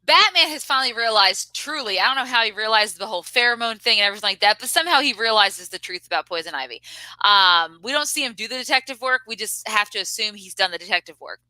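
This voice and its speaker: Bright, lively woman recapping a movie. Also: a little high, quick pace, no room sound, rough recording. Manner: animated retelling, often acting out quoted lines. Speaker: co-host. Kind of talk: casual movie recap chat.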